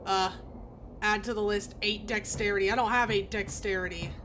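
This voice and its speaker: A woman's voice: mid-range voice, steady tone, normal speed, noisy background. A woman streaming a video game, reading its text aloud with casual, laughing asides.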